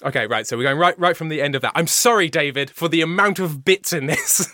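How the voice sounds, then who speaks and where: A man's voice: a little high, brisk, few pauses, pushed and bright, slight background noise. A man co-hosting a comedy podcast, giggling often and drifting into improvised bits and silly voices. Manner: giggly, riffs into sung bits and put-on voices. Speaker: podcast co-host.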